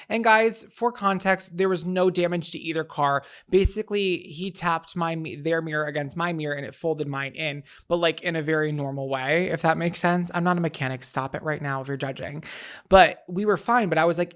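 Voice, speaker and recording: A young man co-hosting a casual podcast, teasing his partner and jumping into high quoted voices and sung bits. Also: normal speed, a bit bright. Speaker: podcast co-host. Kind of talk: casual chat.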